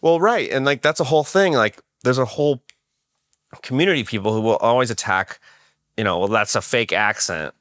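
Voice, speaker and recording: A man's voice: medium pitch, lively intonation, brisk, fairly bright tone, dry recording, studio quality. A man hosting a podcast, talking casually in a rambling way with many restarts. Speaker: podcast host.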